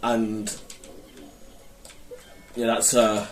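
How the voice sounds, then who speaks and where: A man's voice: on the low side, completely flat delivery, drawn-out words. A man hosting his own gaming channel, rambling and correcting himself as he comments on his play. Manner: rambling, hesitant, self-correcting. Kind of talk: casual gameplay commentary. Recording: roomy, mic held far off with faint noise.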